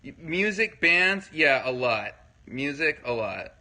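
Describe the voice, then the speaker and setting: Bright-voiced rambling man on a livestream. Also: a little high, sing-song, takes it slowly, rough recording. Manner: rambling, filler-heavy, keeps checking in with listeners. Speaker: livestream host. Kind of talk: casual livestream talk, answering viewer comments.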